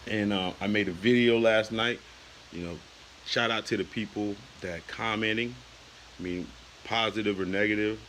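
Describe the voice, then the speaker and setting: On a casual vlog, an American man in his late thirties vents in a heated, repetitive way, leaning on "you know" and "man." He speaks at normal speed in a lowish, fairly bright voice with a steady tone, and the low-quality audio has some hiss or hum.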